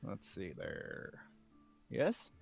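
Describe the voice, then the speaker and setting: Gravelly young man, hesitant player. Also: deep voice, wildly swooping pitch, very slow, soft background music. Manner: hesitant, asks questions. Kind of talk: casual tabletop play.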